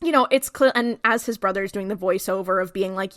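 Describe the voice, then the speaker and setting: Woman podcast co-host, casual animated recap, dry close mic, mid pitch. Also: quick pace, few pauses, no echo. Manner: animated retelling, acts out quotes.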